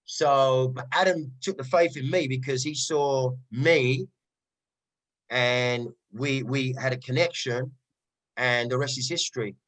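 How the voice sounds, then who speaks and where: Cockney man, middle-aged MC guest, lively storyteller in a casual interview. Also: mid-range voice, rough recording. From East London. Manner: animated storyteller, frequent "right?" asides. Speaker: rave MC guest.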